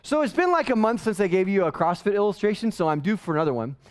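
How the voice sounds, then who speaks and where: A woman's voice: mid-range voice, animated, quick pace. A woman preaching a sermon in a casual, joking, self-deprecating way, telling stories from her own life. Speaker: pastor. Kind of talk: conversational sermon.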